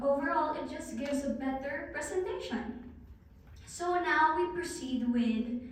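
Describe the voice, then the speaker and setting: A woman giving a guest talk on presentation skills, coaching the audience and speaking straight to them in a large hall. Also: high-pitched. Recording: very echoey hall, far from the mic.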